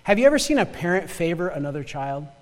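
A man's voice: fairly high pitch, big pitch swings, fast, darkish tone, in a large hall. A male pastor from northern Michigan with a Yooper accent, preaching a sermon full of rhetorical questions and repeated words.

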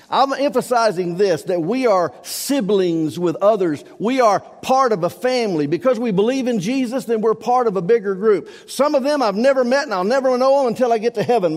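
High-ish guy preaching, leans hard on words and repeats them, church echo trailing behind. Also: expressive, normal speed, a little mellow. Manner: emphatic, repeats key words, swells and drops in volume. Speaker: pastor. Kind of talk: sermon. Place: church sanctuary.

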